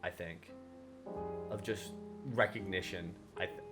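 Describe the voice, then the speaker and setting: A man's voice: sits low, measured pace. Rambling man talking over guitar music. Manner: rambling, filler-heavy, animated retellings of his own anger. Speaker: podcast host. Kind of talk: casual solo rambling monologue.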